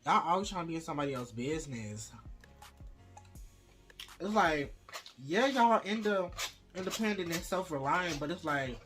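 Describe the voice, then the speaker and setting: A man's voice: normal speed, pauses often. Young man, casual eating vlog, sassy and blunt, swears freely, faint music behind. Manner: sassy, profane, expressive with wide pitch swings. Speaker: vlogger host. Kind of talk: casual mukbang chat to camera.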